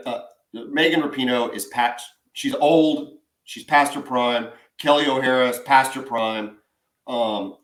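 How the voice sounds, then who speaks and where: A man's voice: medium pitch, fairly bright tone. A man, co-hosting a sports podcast and ranting with strong opinions. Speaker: podcast co-host. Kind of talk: casual sports podcast chat. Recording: echoey room.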